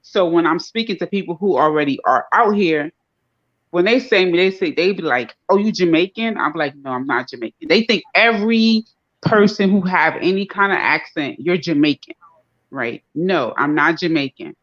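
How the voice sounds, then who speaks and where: Animated woman telling stories, lo-fi sound. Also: on the low side, moderate pace. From up north, United States. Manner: animated storyteller, acts out voices of others. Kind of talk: casual panel chat. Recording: dull lo-fi sound.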